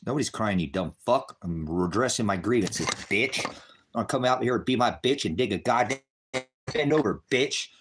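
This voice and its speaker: A middle-aged man ranting to his viewers, cursing heavily and swinging between shouted outbursts and low bitter muttering. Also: noisy background. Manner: heavy cursing, bitter and raging. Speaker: online ministry broadcaster. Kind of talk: angry unscripted rant to viewers.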